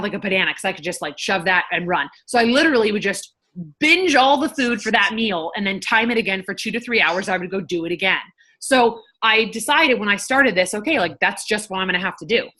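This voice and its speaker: Bright-voiced chatty nurse woman. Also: mid-range voice. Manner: chatty, frank, swears casually. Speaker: nurse and health coach. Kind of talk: casual talk to camera.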